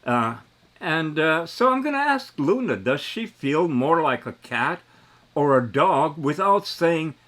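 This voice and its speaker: A man in his seventies talking in a rambling, animated way in a casual monologue, his voice jumping up when he gets excited. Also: on the high side, unhurried. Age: 70s. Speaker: vlogger.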